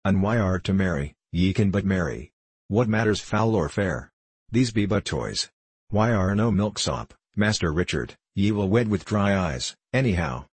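Low, husky man reading a gentle runaway youth in an old storybook, pleading and archaic. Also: lively intonation, unhurried, dry recording, full character voice. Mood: earnest. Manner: pleading, old-fashioned speech. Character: timid gentle youth on the run, pious.

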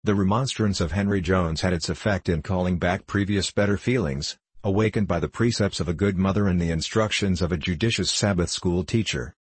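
A man reading old moral stories aloud in a plain, measured storytelling manner. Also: deep voice, breathy edge, no echo. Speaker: audiobook reader.

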